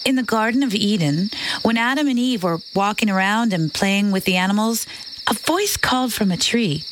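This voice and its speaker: Older grandmother voiced by a woman: patient, teasing, very expressive pitch, cricket noise under it. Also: moderate pace, close to an everyday voice. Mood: gentle. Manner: gentle, teasing, explaining patiently. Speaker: grandmother in a radio drama. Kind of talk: children's radio drama. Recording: cricket ambience noise behind.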